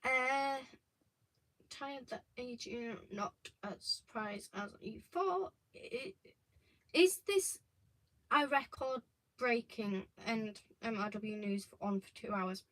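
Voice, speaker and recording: Young woman, high-pitched, bright sharp tone, rambling casual livestream chat. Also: lively intonation, slow, rough recording. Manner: rambling, chatty, trailing off mid-sentence. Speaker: livestream co-host.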